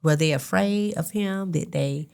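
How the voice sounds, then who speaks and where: A woman with a lowish voice hosts a conversational podcast. She talks reflectively and a bit hesitantly, trailing into "um" and restarting her sentences as she works toward her questions. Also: unhurried, creaky, darkish tone, clear, resonant tone. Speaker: podcast host. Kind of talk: conversational interview.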